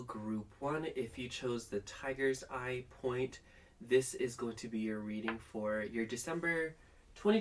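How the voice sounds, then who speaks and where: A man's voice: mid-range voice, distant mic. A young man giving a casual, rambling tarot reading, chatty and full of fillers. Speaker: tarot reader.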